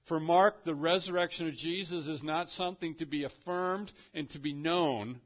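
A man preaching a sermon with a fairly high voice and a firm, emphatic delivery. He presses his listeners with rhetorical questions, now booming and now dropping low. The recording sounds muffled and lo-fi. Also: normal speed. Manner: emphatic, with rhetorical questions and wide swings in loudness. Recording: dull lo-fi recording.

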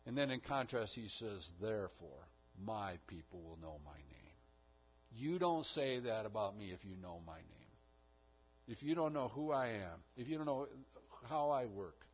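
A husky-voiced male pastor delivers a sermon with strong emphasis. He swings from loud, rising declarations to quiet, low-pitched lines. The recording sounds dull and muffled. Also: lively intonation, moderate pace.

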